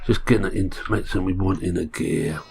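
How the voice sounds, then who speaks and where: A Scottish man with a deep, rough-edged voice talks his way through a farming game. He chats casually and jokes about his own laziness. Loud vehicle and engine sounds from the game run behind him. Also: fairly even intonation, a little fast, a little hiss or hum. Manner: chatty, self-deprecating, thinking aloud. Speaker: gaming channel host. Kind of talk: casual gameplay commentary.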